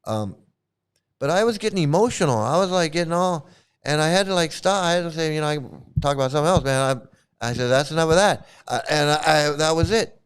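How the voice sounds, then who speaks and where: A man hosting his own commentary channel speaks in a fairly high-pitched, clean voice at a quick pace. He talks in a casual, rambling way, often repeating and restarting words, and is blunt and profane.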